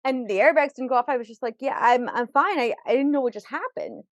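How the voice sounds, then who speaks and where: A woman's voice: high voice, fast talker, dry recording, muffled recording. A woman who is a podcast guest, telling her life story vividly with quoted dialogue. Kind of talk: personal storytelling in an interview.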